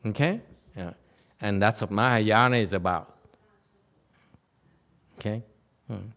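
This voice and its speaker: A man's voice: fairly low pitch, slow pace, fairly bright tone. A man giving an informal Dharma lecture in a temple hall, playful and teasing, laughing often and checking in with "okay?".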